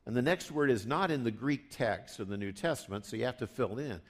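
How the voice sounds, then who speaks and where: A man preaching a sermon in a conversational way, rising for emphasis and dropping low for asides. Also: animated, a little fast, hardly any pauses. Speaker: pastor.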